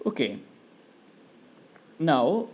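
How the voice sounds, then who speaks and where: A man's voice: fairly high pitch, big pitch swings, drawn-out words, husky, phone-quality sound. A male teacher with an Indian English accent, reading a textbook aloud and explaining it line by line with many fillers. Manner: reads a sentence, then paraphrases it with many fillers.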